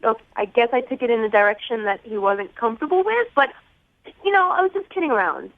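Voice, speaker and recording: A woman's voice: a little high, expressive, fast, narrow, tinny audio. A woman on a radio call, defensive but playful as she explains herself. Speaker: caller. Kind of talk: phone conversation.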